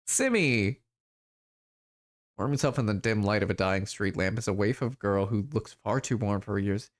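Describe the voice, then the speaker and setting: A man playing through a video game on stream, talking casually and reading its text aloud. His delivery is relaxed and a little hesitant, with pauses as he goes. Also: on the low side.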